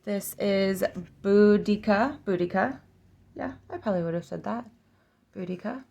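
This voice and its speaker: A woman hosting a casual flip-through vlog, slowly sounding out names aloud, correcting herself and musing with giggly asides. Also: medium pitch, gravelly, warm tone. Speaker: oracle deck reviewer.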